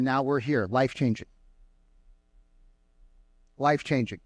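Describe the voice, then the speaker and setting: A man speaking as a sales trainer to a live audience, energetic and mocking as he acts out callers. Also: medium pitch, no echo. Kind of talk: keynote talk to a live audience. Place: conference room with an audience.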